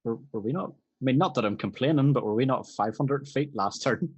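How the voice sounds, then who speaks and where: A man's voice: medium pitch, fairly quick, breathy edge, no room sound. A man playing a tabletop game over a video call, casually checking the details. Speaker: player.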